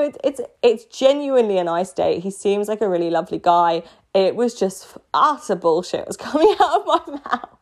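Laughing young British woman telling a story. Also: mid-range voice. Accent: British English. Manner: laughing often, self-mocking, quoting voices animatedly. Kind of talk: casual storytelling.

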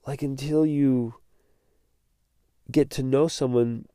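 Earnest podcast host with a mellow voice. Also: male voice, mid-range voice, slow pace, dry recording, studio quality. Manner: earnest and animated, repeats words, gets fired up. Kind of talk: motivational podcast monologue.

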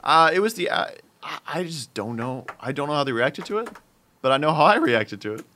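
Young man, bright edgy tone, animated storyteller in casual chat. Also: on the high side, fairly quick, slight background noise. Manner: animated, builds up to loud exclamations.

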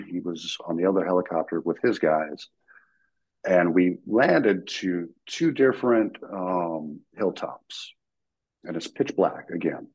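A man with a deep, husky voice tells a story with lively energy, acting out the people in it. He is a guest talking casually about his time in the military, and the sound is slightly dull. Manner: animated, acts out quoted voices, laughs while telling.

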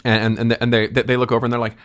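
A man's voice: mid-range voice, monotone, rapid-fire. A man improvising a comedic story with friends, stammering through restarts and laughing often.

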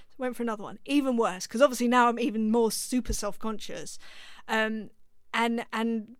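A woman's voice: fairly high pitch, normal speed, no echo. A woman, a drummer being interviewed, telling a self-deprecating story and acting out the lines of the people in it. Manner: animated, self-deprecating, acts out quoted lines. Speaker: session drummer, interview guest. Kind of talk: conversational storytelling.

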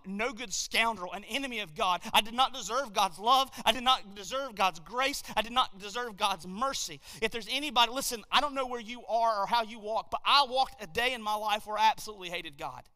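High bright-voiced preacher in an echoey hall. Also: male voice, a little fast. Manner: preaching with swells from quiet to shouted emphasis. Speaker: pastor. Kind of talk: sermon. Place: church sanctuary at a podium.

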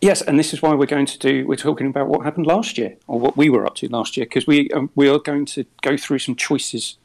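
A man's voice: mid-range voice, vocal fry, darkish tone, low-quality recording. A man hosting a casual podcast, dry and understated, with frequent ums. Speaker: podcast host. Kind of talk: casual chat.

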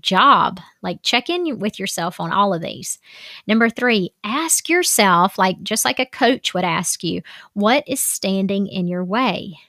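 A woman's voice: mid-range voice, animated, measured pace, sharp tone, no echo. Chatty woman life coach, dry sound. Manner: chatty, frequent "like" fillers. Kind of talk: casual self-help advice talk.

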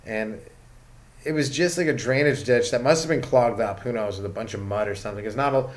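A man's voice: mid-range voice, brisk. A young man from Canada, a stand-up comedian, rambling through a casual comedic rant full of swearing and "like" fillers.

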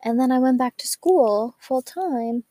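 A woman's voice: sits high, a little slow, warm tone, no echo, studio quality. Chatty young woman, light voice. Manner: chatty, upbeat, frequent "like" fillers. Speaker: speaker sharing her recovery story. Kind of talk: candid personal storytelling.

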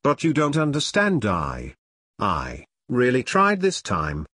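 A man voicing a timid, nervous male demon underling with a squeaky voice who stammers. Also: wildly swooping pitch, slow pace, pushed and bright, no room sound, clean studio sound, full character voice.

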